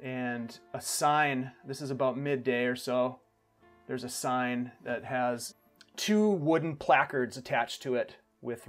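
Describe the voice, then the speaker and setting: A man running a tabletop game as game master, giving unhurried descriptive narration of the scene. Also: mid-range voice.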